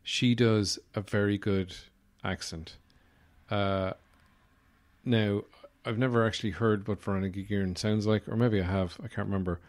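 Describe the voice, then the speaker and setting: A man's voice: on the low side, fairly even intonation, moderate pace. An Irish man hosting a podcast, rambling through a wry comic monologue with lots of fillers. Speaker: podcast host. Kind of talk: casual comedic monologue.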